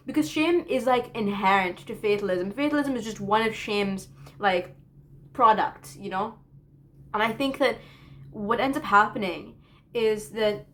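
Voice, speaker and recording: A woman in her early twenties, a college student, speaking in an earnest, reflective confessional vlog with self-deprecating humor. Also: medium pitch.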